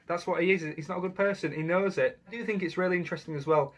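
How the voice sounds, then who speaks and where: A man's voice: sits high, quick pace. A young man giving a chatty, enthusiastic and slangy commentary as a YouTuber ranking villains.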